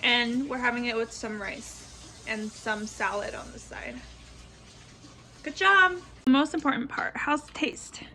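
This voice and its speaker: Chatty high-voiced young woman vlogging. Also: normal speed, pushed and bright, rough recording. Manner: chatty, upbeat, addresses viewers directly. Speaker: vlogger, doctoral student. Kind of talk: casual vlog narration to camera.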